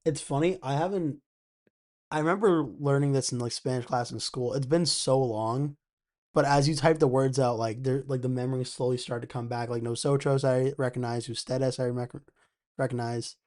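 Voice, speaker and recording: A man's voice: medium pitch, steady tone, normal speed, darkish tone. A young man hosting an election night live stream, chatting casually, thinking aloud and reading out viewers' comments.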